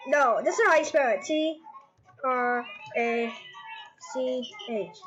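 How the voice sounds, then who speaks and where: Bright, lively high-voiced woman gamer. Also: slow pace, lo-fi sound. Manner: giggly, playful, shrieks when startled. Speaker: gamer recording gameplay with friends. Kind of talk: excited gameplay chat.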